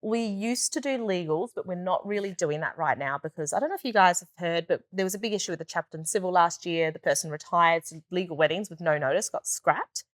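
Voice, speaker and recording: A woman hosting a casual podcast, upbeat and quick to laugh as she asks her guests questions. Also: fairly low pitch, no room sound. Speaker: podcast host.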